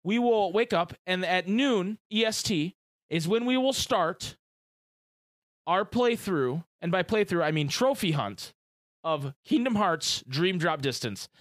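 A chatty man co-hosting a casual podcast, his voice high and swooping all over the place. He talks excitedly in gamer slang. The sound is dry and close. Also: measured pace, dry recording. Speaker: podcast co-host. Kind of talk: casual chat.

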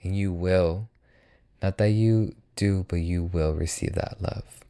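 A young man hosts his own motivational podcast in an earnest, reassuring tone. His voice sits very low and mellow. He speaks unhurriedly and repeats phrases to comfort the listener. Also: steady tone, slow pace, clear, resonant tone. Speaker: podcast host.

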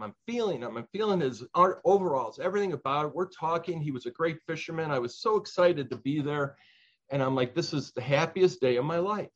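An older man from Chicago tells his life story in an interview, earnest and reflective. He pauses and restarts often as he remembers. The recording sounds a little dull and lo-fi. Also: medium pitch.

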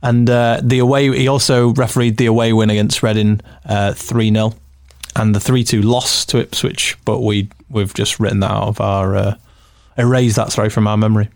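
A man co-hosting a casual football podcast, reading out stats and lists in a steady, measured way. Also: on the low side, gravelly, no room sound, studio quality. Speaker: podcast co-host.

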